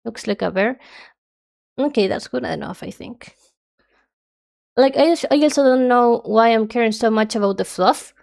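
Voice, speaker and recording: A woman's voice: a little high, moderate pace, gravelly, long pauses, darkish tone. A young woman streamer chatting casually and rambling nonstop while she draws, her nose stuffy. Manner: rambling, chatty, self-described yapping.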